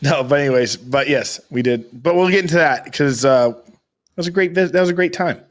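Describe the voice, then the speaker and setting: A man's voice: mid-range voice, normal speed. A young man co-hosting a casual podcast in a loose, teasing way, throwing in "dude" and "y'all". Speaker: podcast co-host. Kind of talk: casual chat.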